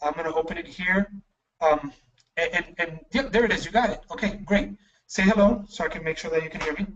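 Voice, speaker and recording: A male English teacher running an online class, patient and encouraging, correcting pronunciation slowly. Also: fairly high pitch, a bit bright, distant mic, highs cut off.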